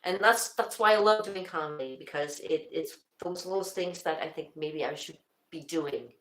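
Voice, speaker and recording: Speaking at a moderate pace, this older livestream host has a deep voice with a slightly bright quality. She chats casually to viewers in an echoey room, rambling along, laughing frequently and starting over again and again.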